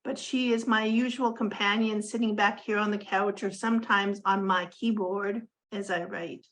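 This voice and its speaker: A woman author from Canada, a mother of grown twins, speaking gently and in a measured way in a recorded video introduction. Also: medium pitch, fairly even intonation, poor audio.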